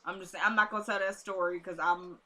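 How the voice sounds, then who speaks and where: A woman's voice: lowish voice, fairly even intonation, fast talker, sharp tone. A woman vlogger recapping a TV episode in casual, informal chat, repeating herself for emphasis.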